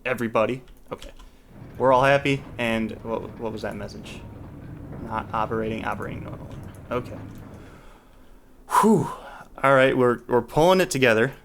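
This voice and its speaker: A man's voice: mid-range voice, normal speed, long pauses, fairly bright tone, a little hiss or hum. A man hosting a let's play, talking casually as he thinks aloud, restarting sentences and trailing off, with mild exasperation. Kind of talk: casual gameplay commentary.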